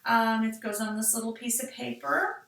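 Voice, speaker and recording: A woman's voice: fairly high pitch, normal speed, vocal fry, a bit bright. Chatty woman in an echoey craft room. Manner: chatty, talks to herself while working. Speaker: card-making tutorial host. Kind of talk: casual craft demonstration. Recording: echoey room, mic at a distance.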